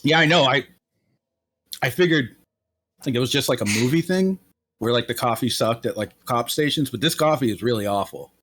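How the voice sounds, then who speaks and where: A man's voice: medium pitch, animated, a little fast, fairly bright tone. Crude, laughing man playing a tabletop game. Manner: crude, laughing, rambling with lots of likes. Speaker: player. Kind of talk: tabletop role-play, in and out of character.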